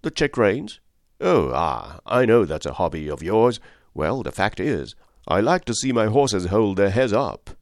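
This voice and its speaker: A man's voice: lowish voice, sing-song, measured pace, no echo, clean studio sound. A man reading the part of a breezy military captain who speaks in an offhand way.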